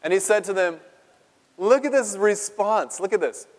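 A man's voice: high-pitched, animated, normal speed, big-room sound, poor audio. A male pastor giving a playful, conversational sermon in a church, chuckling often and speaking straight to the congregation.

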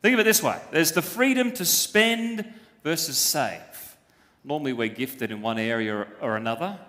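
High-voiced man preaching in a reverberant hall. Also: expressive, moderate pace, a bit bright. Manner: emphatic, uses rhetorical questions. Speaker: pastor. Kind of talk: sermon. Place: church.

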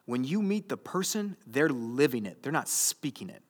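A male pastor in his thirties preaching a conversational, jokey sermon that builds to loud, emphatic stretches. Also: medium pitch, very animated, moderate pace. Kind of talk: sermon to a young adult group.

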